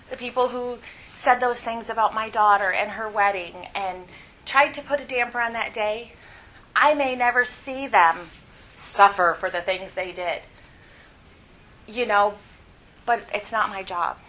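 A woman's voice: a little high, pushed and bright, rough recording. A middle-aged woman teaching a Bible lesson at church, candid and confessional, laughing often as she talks.

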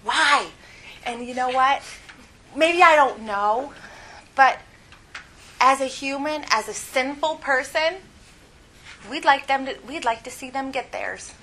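A woman's voice: high voice, slow pace, long pauses, a bit bright, rough recording. A middle-aged woman teaching a Bible lesson at church, candid and confessional, laughing often as she talks.

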